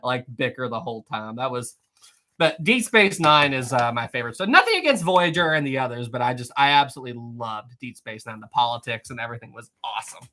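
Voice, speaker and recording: Bright and forceful, his mid-range voice rises and falls with lively intonation. He's a Southern-accented West Virginian running a history livestream, casually answering viewer comments, cracking jokes, and laughing easily.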